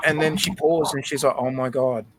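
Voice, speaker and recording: A man chatting casually on a livestream, his voice set in an ordinary middle pitch. He tells a heartfelt family story and stumbles over repeated words as he goes. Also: fairly even intonation, brisk, a little hiss or hum. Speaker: livestream host. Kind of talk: casual chat.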